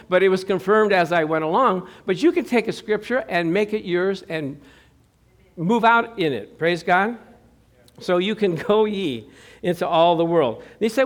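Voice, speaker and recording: A middle-aged man preaching a sermon as pastor in a church, jokey and animated, acting out the voices he quotes. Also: high voice, moderate pace.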